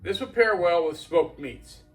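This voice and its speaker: A man's voice: high-pitched, animated, measured pace, distant mic, soft background music, low-quality recording. A man from Florida, casually reviewing a beer outdoors at night in a rambling, folksy way.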